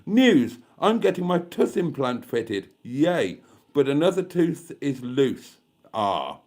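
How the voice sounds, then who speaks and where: Slow and a little mellow, with big swings around a medium pitch, the British host reads out comments on his casual YouTube live stream. His delivery is chatty, camp and self-mocking, and he's indoors at home.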